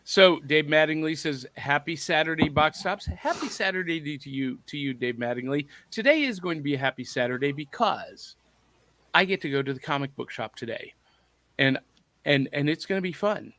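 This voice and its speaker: A man's voice: on the high side, animated, normal speed, sharp tone, slight background noise. A man hosting a podcast, reading out viewer comments in a playful, jokey, casual chat. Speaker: podcast host.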